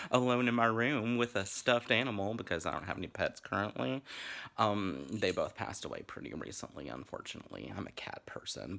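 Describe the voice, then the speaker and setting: Man, Southern US accent, husky, lowish voice, sassy rambling, slightly tipsy, casual bedroom vlog. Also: animated, a little fast, a bit bright. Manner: sassy, rambling, profane, frequent laughs. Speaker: vlogger hosting a drinking game. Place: his bedroom.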